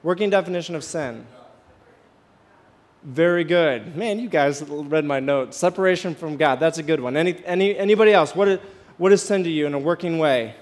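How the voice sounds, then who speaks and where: Male pastor, high voice, chatty sermon style with many restarts, questions for the congregation. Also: fairly quick. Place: church sanctuary, walking the aisle.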